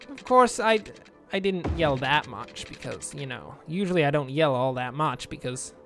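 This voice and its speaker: A man's voice: a little high, expressive, normal speed, a bit bright, faint music behind. A man giving casual, rambling commentary over a city-building game, with self-mocking asides. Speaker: let's play gamer.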